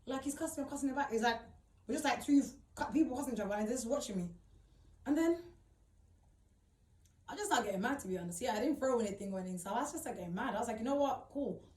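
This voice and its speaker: A woman's voice: fairly high pitch, lively intonation, racing, pauses often, darkish tone. A young woman, telling a personal story in a casual, emphatic way, swearing freely and repeating herself for effect. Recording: echoey room, distant mic.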